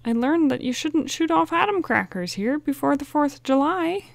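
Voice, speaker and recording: A woman reading aloud, voicing a plump, sleepy, excitable teenage boy who is eager and quick to complain. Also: sits high, creaky, no room sound, pitched above the performer's own voice. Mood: sheepish.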